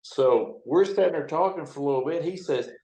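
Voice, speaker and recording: A man's voice: on the high side, brisk, dark tone, echoey room, low-quality recording. A man in his seventies, a towboat captain, telling folksy, profane stories in an interview. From United States. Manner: folksy, profane yarn-spinning. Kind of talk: storytelling interview.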